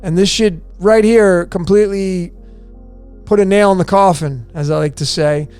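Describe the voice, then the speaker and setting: Guy with a high voice hammering on his decode theory, asks and answers his own questions, soft music behind. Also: moderate pace, clear, resonant tone. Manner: emphatic, rhetorical questions, repetitive. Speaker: video presenter. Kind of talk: conspiracy decoding presentation.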